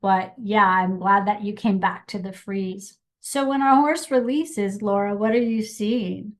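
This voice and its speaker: A middle-aged woman co-hosting a podcast in casual chat, animated, acting out little quotes as she talks. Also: medium pitch, a little slow. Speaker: podcast co-host.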